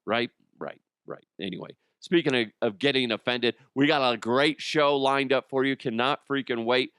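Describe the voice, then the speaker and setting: A man hosting a comedy podcast, talking in a rambling, jokey way and slipping into quick impressions. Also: medium pitch, a bit bright, clear, resonant tone, no room sound, clean studio sound. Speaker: podcast host. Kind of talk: casual comedic monologue.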